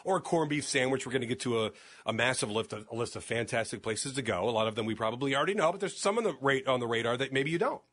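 A man's voice: medium pitch, animated, racing, a bit bright. A man co-hosting a morning radio show, chatting casually and joking as he rambles between topics.

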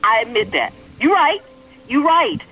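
A woman's voice: sits high, animated, a little slow, muffled recording. A woman speaking on a radio call-in segment, earnestly pleading her case to her sister. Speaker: caller.

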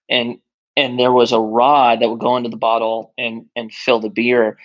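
A man, a brewery co-founder, telling stories in a relaxed interview and acting out the people he quotes. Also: mid-range voice, poor audio. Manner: animated, acts out quoted voices while telling stories. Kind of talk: conversational interview storytelling.

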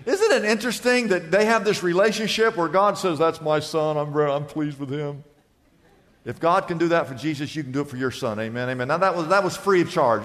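A man preaching a sermon as pastor, animated, repeating phrases and putting questions to the congregation. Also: a little high. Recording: long hall reverb.

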